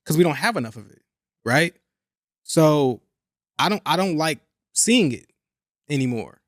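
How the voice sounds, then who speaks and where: Young male podcast host, high-pitched, animated and blunt, dry close mic. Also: unhurried, no room sound. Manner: animated, profane, repeats himself for emphasis. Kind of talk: casual chat.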